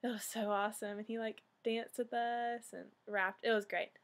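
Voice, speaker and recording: Chatty young woman with vocal fry. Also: a little high, little pitch movement, normal speed. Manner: chatty, many fillers like "like" and "um". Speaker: vlogger. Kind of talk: casual storytelling.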